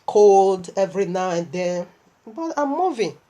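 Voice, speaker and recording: A woman's voice: mid-range voice, sing-song, unhurried, mellow. A woman preacher delivering a sermon while unwell and tired, telling her story animatedly and emotionally, with laughs.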